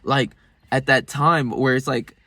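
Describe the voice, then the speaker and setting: A young man, talking casually and rambling about his daily routine, swearing freely, with sudden bursts of loud excitement. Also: medium pitch, measured pace, no echo. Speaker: self-improvement vlogger. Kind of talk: casual motivational monologue.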